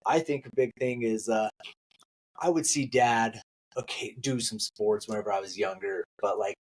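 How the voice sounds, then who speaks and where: A man co-hosting a podcast, retelling family stories in casual chat, laughing and throwing his voice high for quotes. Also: normal speed, breathy edge. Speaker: podcast co-host.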